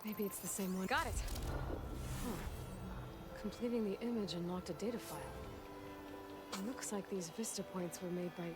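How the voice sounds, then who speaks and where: Woman playing a young game heroine, determined, muttering thoughts to herself, mid-pitched voice, loud game music behind. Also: moderate pace, pauses often, lightly acted. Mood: musing. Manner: thinks aloud to herself while exploring.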